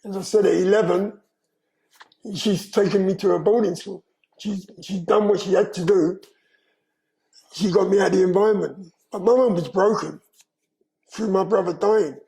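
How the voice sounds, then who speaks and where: Older guy telling his life story, dark mellow voice, lots of "you know". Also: high-pitched, fairly even intonation, vocal fry, rough recording. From London, England. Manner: slow, heartfelt storytelling with frequent "you know". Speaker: guest. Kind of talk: personal life story told in an interview.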